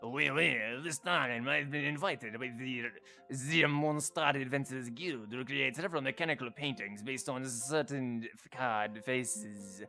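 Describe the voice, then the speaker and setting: A man's voice: mid-range voice, measured pace, vocal fry, few pauses, sharp tone, faint music behind. A man reading out a male game character's lines in a silly put-on French accent, hammy and over the top.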